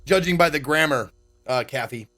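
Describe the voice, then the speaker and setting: A man's voice: normal speed, bright, forceful tone. A man streaming himself as he reads a visual novel aloud, sarcastic and swearing freely. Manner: sarcastic, swears freely, acts out quoted lines with pitch jumps.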